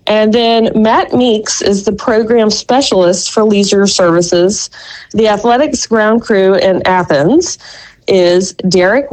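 A woman's voice: medium pitch, a little mellow, rough recording. A woman giving a chatty local youth sports report, rambling with many fillers. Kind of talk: radio call-in report.

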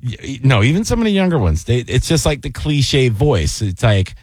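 A man in his thirties co-hosting a radio talk show, an animated storyteller who slips into mock DJ and anchor voices. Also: medium pitch, normal speed, no echo. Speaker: radio co-host. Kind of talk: casual chat.

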